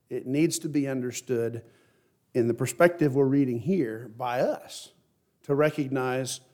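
A middle-aged man giving a sermon as pastor, reading scripture and explaining it earnestly, slowing and lifting his voice for emphasis. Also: mid-range voice, a little mellow. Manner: earnest preaching, slows and rises to stress scripture.

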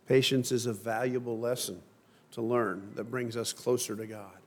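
A middle-aged man preaching a sermon and reading scripture in a measured, emphatic way. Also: mid-range voice, steady tone. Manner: measured, emphatic delivery with slow stressed phrases.

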